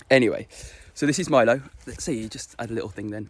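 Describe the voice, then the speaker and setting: A man's voice: mid-range voice, fast talker, dry recording. A young man chatting casually to camera, rambling and swearing, full of fillers and restarts. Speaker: vlogger.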